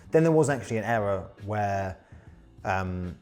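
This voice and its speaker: Low-voiced man, hesitant podcast host. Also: lively intonation, normal speed, darkish tone, soft background music. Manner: hesitant, many ums and restarts, explanatory. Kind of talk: casual podcast discussion.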